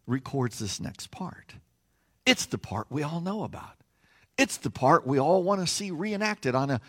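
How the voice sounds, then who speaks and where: Pastor, male, higher voice, lively delivery, playful asides, preaching from a platform. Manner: animated storytelling with playful asides. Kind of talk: sermon. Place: on a stage platform.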